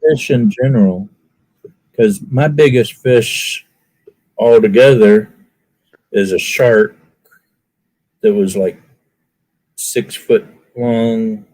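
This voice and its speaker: A man's voice: fairly low pitch, slow pace, pauses often, a little mellow, rough recording. A man chatting casually, telling folksy stories and acting out the people in them with raised voices. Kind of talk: casual storytelling chat.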